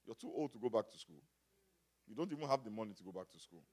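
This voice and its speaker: A man from Africa preaching a sermon, moving from quiet talk to loud shouting and calling out to the congregation. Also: fairly low pitch, big pitch swings, fast talker. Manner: builds from quiet to shouting, call and response. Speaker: pastor.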